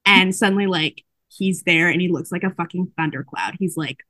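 A woman hosting a casual podcast chat, recapping a book in animated storytelling and acting out the characters' lines. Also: on the low side, normal speed, no echo.

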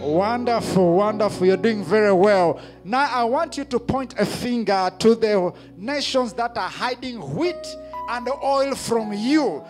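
A man preaching a sermon in church on a handheld mic, leading call-and-response and rising to shouts. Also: high-pitched, measured pace, soft background music. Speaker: pastor.

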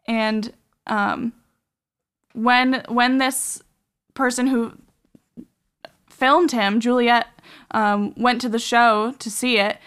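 A woman's voice: on the high side, steady tone, takes it slowly, long pauses, a bit bright, clear, resonant tone. Chatty woman host, lots of ums. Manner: rambling, filler-heavy with many "um" and "like". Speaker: podcast host. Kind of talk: casual storytelling chat.

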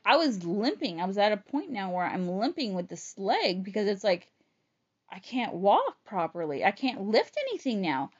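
A woman's voice: mid-range voice, muffled recording. A woman casually telling a personal story, frank and rambling, swearing freely. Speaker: storyteller sharing personal illness experience.

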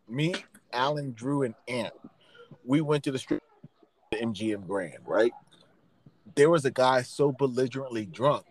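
A man's voice: mid-range voice, poor audio. A man hosting a podcast, telling stories in casual chat and laughing often. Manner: animated storyteller, laughs often. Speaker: podcast host.

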